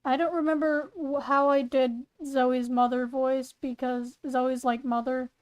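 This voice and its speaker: A woman's voice: high voice, little pitch movement, a little slow, clear, resonant tone, lo-fi sound. A woman reading her story aloud in her room, rambling and playful, correcting herself as she goes. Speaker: fan fiction reader and voice actor. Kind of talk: casual reading with asides. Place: bedroom.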